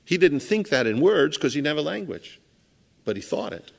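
A man preaching a sermon in a conversational way, acting out scenes and swinging from loud to hushed. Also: on the high side, sing-song, moderate pace, creaky. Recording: long hall reverb.

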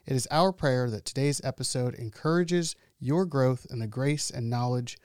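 A male announcer reading the scripted opening of a daily Bible-study podcast in a smooth, even delivery. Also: medium pitch, moderate pace, dry recording, studio quality. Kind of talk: scripted show intro.

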